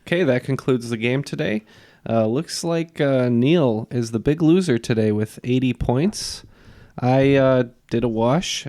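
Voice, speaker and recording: Gravelly-voiced man teasing his co-hosts. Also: mid-range voice, darkish tone. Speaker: podcast co-host. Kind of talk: casual podcast banter.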